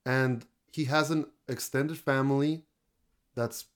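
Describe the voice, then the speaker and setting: A man's voice: mid-range voice, fairly even intonation, slow. A man co-hosting a casual movie review, retelling the plot with lots of fillers. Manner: chatty, retells plots with fillers. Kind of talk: casual chat.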